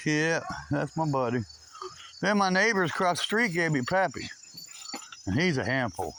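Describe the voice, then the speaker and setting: A man's voice: fairly high pitch, animated, normal speed, pauses often, pushed and bright. A middle-aged man in a casual backyard vlog, chatty and easygoing, chuckling often and cooing to his rescue dogs. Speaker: garage owner showing his rescue dogs. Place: overgrown backyard with dog pens, outdoors. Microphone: camera on a swinging makeshift mount. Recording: noisy outdoor audio with dogs barking.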